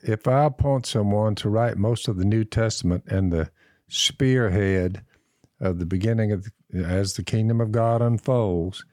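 Slow, blunt-talking man, low voice. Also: darkish tone, no room sound, clean studio sound. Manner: slow, blunt, folksy phrasing. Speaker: podcast co-host. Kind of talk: casual faith discussion.

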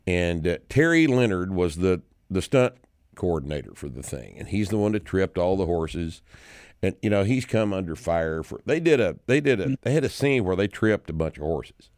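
A man in his sixties with a very low voice talks through his favorite films in a loose, rambling way, restarting his sentences often. When he gets going he turns loud and indignant. The sound is dry and close, with almost no room around it. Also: dry recording. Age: 60s. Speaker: podcast host. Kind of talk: casual chat about movies.

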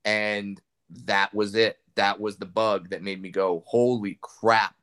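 A man's voice: fairly low pitch, level tone, unhurried, bright, forceful tone. Candid man telling comedy stories. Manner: candid storytelling, frequent restarts. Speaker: comedian guest. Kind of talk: casual interview chat.

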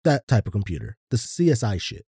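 Laid-back man with a dark voice. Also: on the low side, very animated, brisk, slightly rough, no room sound, clean studio sound. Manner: laid-back, swears casually. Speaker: podcast co-host. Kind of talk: casual podcast chat.

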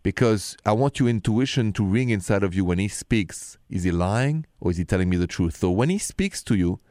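Low-voiced man hosting. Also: lively intonation, fairly quick, a little mellow, no room sound, studio quality. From France. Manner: coaxing, explanatory, teases what comes next. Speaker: radio relationship advice host. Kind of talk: call-in radio advice.

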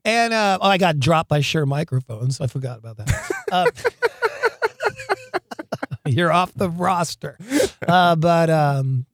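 A man guest in an interview, telling wild stories in an animated, excitable way, laughing often and acting out what people said. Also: on the high side, unhurried, pauses often, dry recording. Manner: animated, excitable storyteller who laughs often and acts out quotes. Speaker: guest, rock singer. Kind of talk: storytelling interview.

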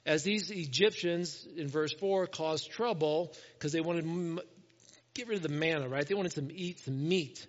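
A man's voice: fairly high pitch, moderate pace, in a large hall, highs cut off. A male pastor preaching a conversational sermon, acting out the voices of the people he quotes.

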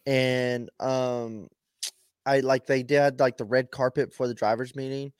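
A man co-hosting a casual podcast by remote call, telling stories in a laid-back, profane way with animated impressions. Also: medium pitch, measured pace, smooth, no echo, studio quality. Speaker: podcast co-host. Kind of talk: casual chat.

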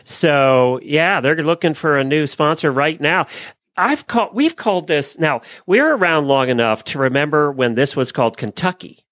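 A man's voice: fairly high pitch, normal speed, fairly bright tone, no room sound, clean studio sound. A middle-aged man co-hosting a casual chat, easygoing and plainspoken, with frequent fillers. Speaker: co-host. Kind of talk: casual chat, reading news items.

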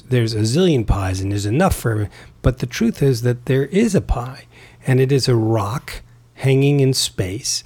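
A man with a gravelly, husky voice speaks as a podcast guest. He rambles through his points, often restarting and repeating words as he goes. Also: medium pitch, a little mellow. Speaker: podcast guest, Taoist author. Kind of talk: casual conversation.

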